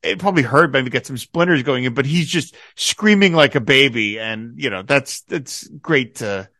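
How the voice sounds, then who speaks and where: Male podcast host, bright and forceful tone, dry close mic, eager recapper. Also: medium pitch, normal speed, no room sound. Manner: enthusiastic, quotes dialogue in animated bursts. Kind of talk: casual podcast discussion.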